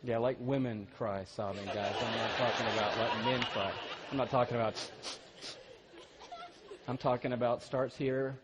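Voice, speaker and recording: A middle-aged male pastor telling a personal story in a sermon, animated and growing loud and excited as it goes on. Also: medium pitch, moderate pace, long pauses, a crowd in the background, noisy background.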